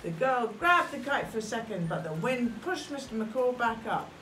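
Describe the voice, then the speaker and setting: A woman's voice: on the high side, very animated, normal speed, fairly bright tone. A woman reading a picture book aloud, playful, sometimes speaking to a child listening. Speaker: storybook reader. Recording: roomy room, mic at a distance, faint hum.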